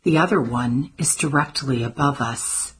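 A woman voicing a wry, sharp-tongued grandmother with dry, teasing quips in an audiobook. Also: extremely low pitch, measured pace, husky, full character voice, low-quality recording. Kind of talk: audiobook character voice.

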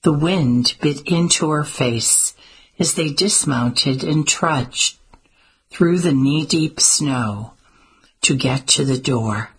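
A woman narrating a story in a steady, measured way, with small slips now and then. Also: low-pitched, breathy edge, poor audio. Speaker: audiobook narrator. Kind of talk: scripted narration.

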